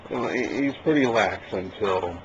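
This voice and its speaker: A man voice actor describing a character casually, halting and repeating words as he searches for them. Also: on the low side, lo-fi sound, noisy background. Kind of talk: casual behind-the-scenes chat.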